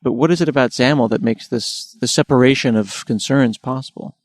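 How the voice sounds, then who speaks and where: A man's voice: mid-range voice, a little fast, no echo. A man with an American accent hosting a casual tech interview, asking curious questions with a self-deprecating touch. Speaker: host.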